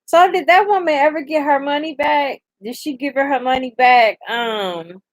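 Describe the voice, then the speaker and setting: A young woman hosting a casual live chat, animated and profane, laughing often and reading comments aloud. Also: high-pitched, normal speed, dry recording. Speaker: livestream host.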